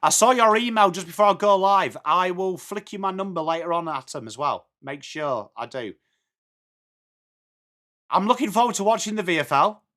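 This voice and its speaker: This English live stream host, an adult with children, runs a football watch-along, narrating the game and chatting with his audience. His voice sits high, animated, bright and forceful, at a moderate pace. In a chatty way, he alternates between calling play and answering comments from viewers.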